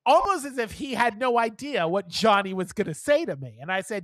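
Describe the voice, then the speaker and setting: A woman co-hosting a podcast, telling a story in a casual, animated way, swearing freely and acting out the people she quotes. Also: a little high, brisk, hardly any pauses, dry recording. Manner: animated, profane, acts out quoted dialogue. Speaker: podcast co-host.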